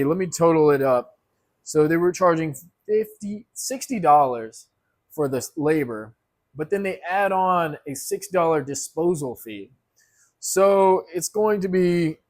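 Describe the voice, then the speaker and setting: A man hosting a home cooking show, joking and mocking himself as he rambles off topic. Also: on the high side. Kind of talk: rambling comic monologue. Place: home apartment kitchen.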